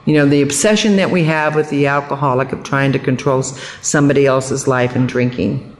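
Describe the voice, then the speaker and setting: An older woman sharing her recovery testimony at a support meeting, telling her story in an animated, humorous way and acting out the people she quotes. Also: rumbling low, fairly quick.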